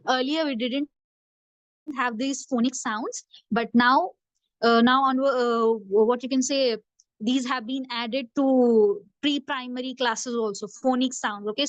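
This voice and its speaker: A woman with a high-sitting voice, captured in a dry recording, teaches a phonics lesson for young learners. She patiently drills the letter sounds, repeating them slowly again and again.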